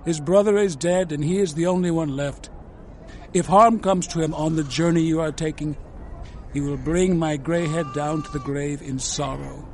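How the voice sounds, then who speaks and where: A man's voice: fairly high pitch, moderate pace, a little hiss or hum, close to an everyday voice. Jacob, a man playing a grieving old father. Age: older. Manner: mournful, protective pleading. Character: aged grieving father, weary and anxious. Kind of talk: audio drama acting.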